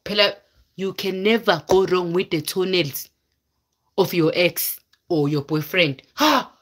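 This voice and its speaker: A woman's voice: lowish voice, fairly even intonation, measured pace. A woman vlogger telling a story to her live viewers in a dramatic, exclaiming way. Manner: dramatic, exclaiming, mixes in local words. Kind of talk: casual storytelling chat with viewers.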